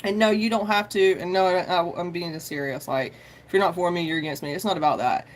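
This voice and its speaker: A live-stream tarot host in loose, casual chat. The talk rambles, swears freely and keeps calling out to viewers with y'all. The pitch sits in the middle. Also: brisk. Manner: chatty and informal, says y'all often.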